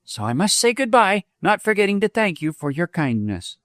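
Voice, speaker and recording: A man voicing a bold, self-assured young woman on the trail, brisk and commanding. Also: sits high, very animated, no room sound, clean studio sound, voice pushed up.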